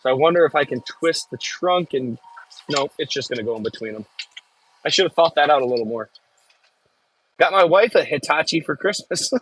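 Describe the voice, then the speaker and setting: A man's voice: fairly high pitch, animated, fairly quick, long pauses, fairly bright tone, husky, poor audio. A man with a Midwestern American accent chatting casually on a live stream, reading viewer comments aloud with jokey asides. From Midwest United States. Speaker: farm worker live-streaming from an excavator.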